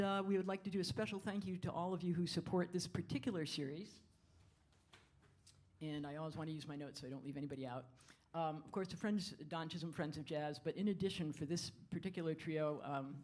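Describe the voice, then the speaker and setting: Her low voice has a bit of mellowness as she talks to the crowd from a concert hall stage, leading a jazz band and filling the gaps between numbers. A stage mic captures her warm but hesitant remarks, full of fillers and false starts.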